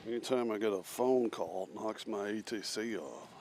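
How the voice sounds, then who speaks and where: A man chats his way through a live planespotting stream outside by an airport, reading viewer messages aloud. He speaks at a normal pace in a fairly low, slightly mellow voice, with some background noise.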